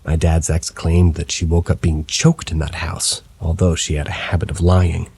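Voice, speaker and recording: A man narrating first-person paranormal stories as scripted narration, in a low, even storytelling tone with a husky voice. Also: moderate pace, slight background noise.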